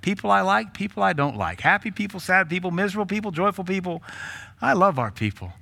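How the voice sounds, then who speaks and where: A man preaches a sermon, blunt and quick to joke, firing rhetorical questions and laughing between points. His voice is bright and forceful, sitting a little high for a man. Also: very animated, vocal fry. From Tennessee. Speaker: pastor.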